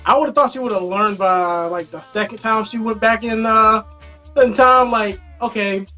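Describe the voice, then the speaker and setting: High-voiced animated man chatting. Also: a little slow, faint music behind. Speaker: movie review co-host. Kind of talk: casual chat.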